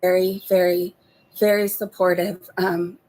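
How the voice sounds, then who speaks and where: A woman speaking softly in a confessional vlog, sniffly from holding back tears, with halting pauses. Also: on the low side, flat delivery, poor audio. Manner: soft, halting, many fillers. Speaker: vlogger.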